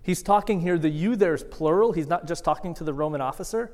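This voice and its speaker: A man preaching in a big church sanctuary, his fairly high voice carrying a long reverberant tail. He talks conversationally and pokes fun at himself, swinging between soft asides and fuller, emphatic lines. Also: fast talker. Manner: conversational, self-deprecating, with lively shifts in loudness. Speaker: guest preacher. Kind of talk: sermon.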